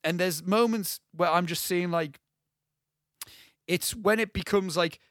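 An enthusiastic young man rambles about a movie he loves, swearing as he goes. His voice sits a little high, and the recording is close and dry, with no room sound. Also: a little slow, a bit bright, no room sound. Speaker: podcast co-host. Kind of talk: casual film discussion.

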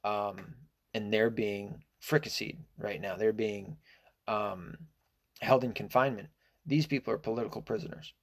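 A man's voice: on the low side, steady tone, normal speed, creaky. A man giving a casual, indignant opinion monologue, rambling and hesitant with many fillers, restarts and swearing. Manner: profane and indignant. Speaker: political commentator.

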